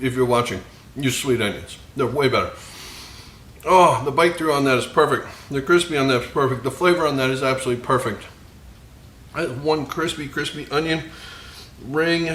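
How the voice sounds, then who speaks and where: Frying food in his own cooking video, a male host chats casually, cracking self-deprecating jokes and laughing quickly. His mid-range voice has a fairly bright tone, heard in a roomy space with slight background noise.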